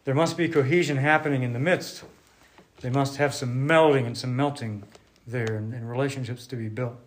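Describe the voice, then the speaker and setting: A man giving a sermon to a congregation, unhurried and conversational, thinking aloud with restarts while drawing on a board. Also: medium pitch, steady tone. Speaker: preacher.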